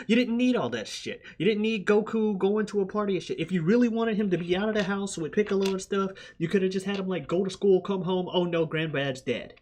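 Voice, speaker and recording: Profane, ranting higher-voiced man. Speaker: podcast host. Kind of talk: casual ranting movie review.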